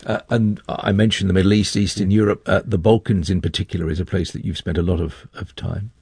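A man hosting a radio interview programme, measured and steady, with frequent small fillers. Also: low-pitched, husky, dry recording, studio quality.

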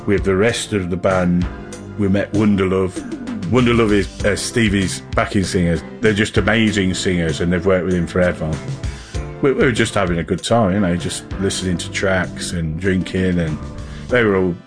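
A man's voice: sits low, fairly even intonation, normal speed, over music. A man, a musician, telling a story in a casual interview, chatty and rambling with lots of fillers and restarts.

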